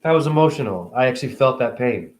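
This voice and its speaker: A man holding a rambling, emotional spiritual monologue as host of his own stream, preaching at times and dropping into hushed whispers. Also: mid-range voice, animated, fast. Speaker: livestream host.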